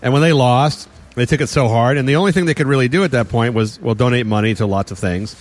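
A man chatting casually and joking in a rambling, laughing way. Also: medium pitch. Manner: fast, rambling, joking with frequent laughs and fillers. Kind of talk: casual podcast banter.

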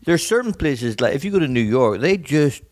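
Irishman with a thick, lively voice. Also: mid-range voice, a little fast. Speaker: guest comedian. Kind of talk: casual chat.

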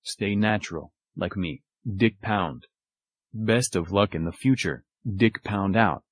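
A man in a voicemail impersonating a pompous male anti-doping official, with a stiff, deadpan delivery. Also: on the low side, takes it slowly, husky, no room sound. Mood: mock-official. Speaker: caller.

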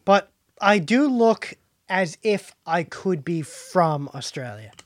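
A man co-hosting a podcast, chatting casually in a deadpan, halting way full of fillers. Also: sits high, no room sound. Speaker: podcast co-host. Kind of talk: casual chat.

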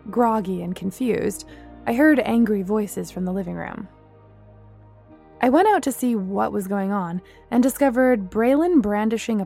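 A woman narrating a first-person story in a steady, measured way. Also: medium pitch, creaky.

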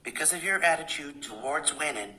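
A man's voice: on the high side, animated, fairly quick, sharp tone. A man doing an impression of a brash older male politician, played back from a listener's recording. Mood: mocking.

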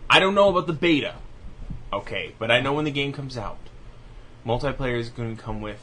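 A young man co-hosts a gaming podcast in a loose, joking chat. His voice is bright and forward, and he swears freely while rushing through lists of numbers. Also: medium pitch, expressive, slight background noise. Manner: rapid, profane, laughing reading of spec lists. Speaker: podcast co-host. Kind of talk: casual gaming news chat.

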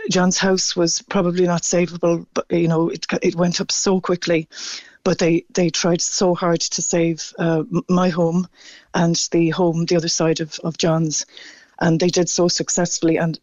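A man calling in to a radio show, speaking haltingly and stammering as he grows emotional. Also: fairly high pitch, little pitch movement, a little mellow, no echo, dull audio. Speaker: radio caller. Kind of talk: phone-in radio chat.

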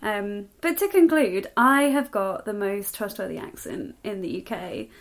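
A woman's voice: medium pitch, lively intonation, measured pace. A woman from England co-hosting a podcast in casual chat, talkative and laughing often. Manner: chatty, laughs often, with frequent fillers. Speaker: podcast co-host.

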